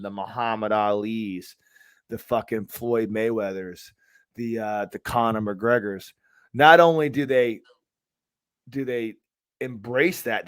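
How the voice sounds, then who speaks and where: With a medium-pitched voice and no echo, a man co-hosts a podcast in a casual chat. He rambles, curses freely, and often begins his sentences again.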